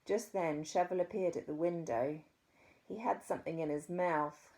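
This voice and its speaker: A woman with a New Zealand accent reading a children's story aloud, expressive with dramatic pauses. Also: lowish voice.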